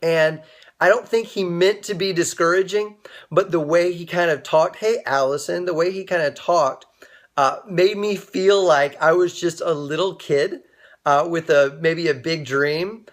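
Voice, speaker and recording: A man's voice: fairly high pitch, measured pace. Chatty man hosting a livestream talk. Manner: chatty, greets viewers mid-story. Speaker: livestream host. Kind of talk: casual inspirational talk.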